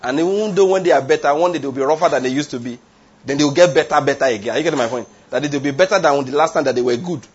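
This man's sermon is emphatic and full of rhetorical questions for the congregation, with frequent tangents. His voice is on the high side with a breathy edge, and he speaks very fast, heard through a dull lo-fi recording.

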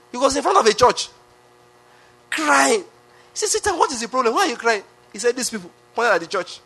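A man's voice: high-pitched, a bit bright, slightly rough. A man preaching a sermon, emphatic, with lots of repetition and rhetorical questions. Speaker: pastor.

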